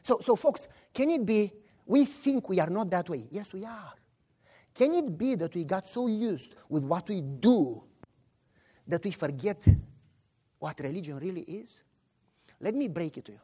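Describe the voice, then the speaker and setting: A man's voice: sits high, unhurried, pauses often, breathy edge. A man with a Romanian accent preaching a sermon, telling stories animatedly and voicing the people in them. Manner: animated storytelling, voices his characters.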